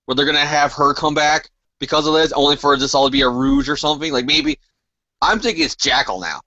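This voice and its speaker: Man, casual podcast co-host, emphatic, bright tense voice, dry lo-fi sound. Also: a little high, a little fast, no echo. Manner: animated, speculative, emphatic. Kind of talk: casual comic book discussion.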